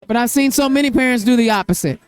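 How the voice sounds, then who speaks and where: A fast-talking podcast host, a middle-aged woman from Indiana, interviews someone on site at a campaign event venue. Her voice is on the high side, darkish and clean, and she's effusive and full of emotion.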